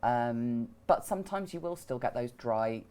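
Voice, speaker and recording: Deep-voiced woman, voice actor guest. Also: animated, measured pace, warm tone, clear, resonant tone. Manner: thoughtful, explains at length. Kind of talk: panel chat on a livestream.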